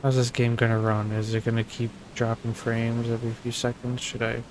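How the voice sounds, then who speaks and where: A man's voice: medium pitch, monotone, a little fast, noisy background. A man playing a video game and commenting casually, swearing, joking and sarcastic. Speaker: gaming video host.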